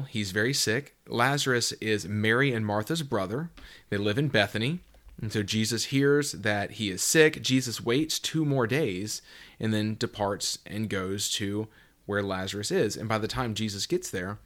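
This Bible teaching host, a thirties-aged man from the American Southeast, speaks in a fairly low voice with an easygoing, sincere, chatty tone. Walking through a passage, he reads the scripture itself slowly and warmly.

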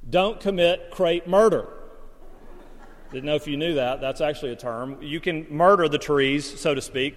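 A man's voice: fairly high pitch, long reverb tail. A man preaching a sermon as pastor, mixing folksy stories and self-deprecating humor with Bible teaching.

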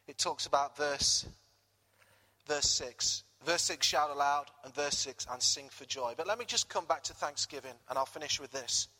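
British guy preaching, high bright voice, long hall echo, gets loud and jokey. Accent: British English. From Britain. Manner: lively, jokey, rises loud on key words. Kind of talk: sermon. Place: church hall. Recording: reverberant church hall.

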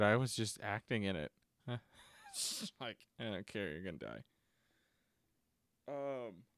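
Rambling, profane man with a low voice. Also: no echo. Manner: rambling and profane, with frequent restarts and fillers. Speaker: podcast host. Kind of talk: casual solo movie-review podcast. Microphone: speaks from notes, seated at a desk mic.

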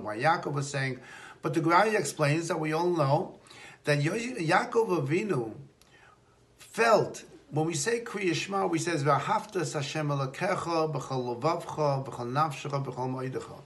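Gravelly rabbi telling a story. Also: male voice, fairly high pitch. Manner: storytelling, slows for emphasis. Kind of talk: Torah talk on prayer.

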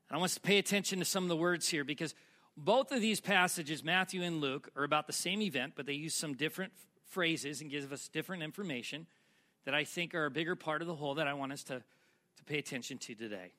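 A male pastor delivers a sermon with a high-pitched voice. His tone is bright and forward, and he talks in a loose, conversational way, turning to the congregation with questions and side comments as he tells a story.

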